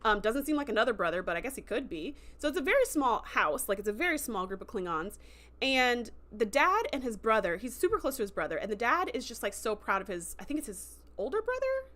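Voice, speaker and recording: A woman hosts a casual livestream review, walking through a story in a loose, chatty way. Her voice sits a touch high. She gets emotional and lively, and she slips into little voices whenever she acts out a quoted line. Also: fairly quick. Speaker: host.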